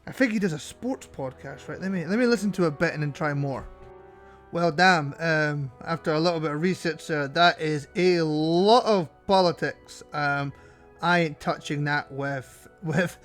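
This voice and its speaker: A man's voice: fairly high pitch, fairly bright tone. A man narrating gameplay commentary as a channel host, wry and self-mocking.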